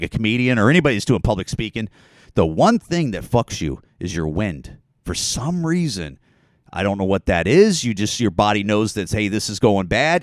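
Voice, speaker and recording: A man's voice: fairly low pitch, no room sound. A man hosting a podcast alone, talking in a rambling, profane, sarcastic way. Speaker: podcast host. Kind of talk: casual solo podcast rant.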